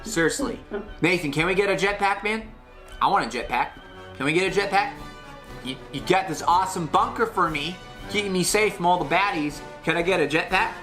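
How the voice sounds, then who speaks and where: A young man hosting a comedy segment, sarcastic and excitable, swinging from loud to soft in a small studio. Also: high voice, fairly quick, soft background music. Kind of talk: comedic rant. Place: small studio with blue sheet backdrop.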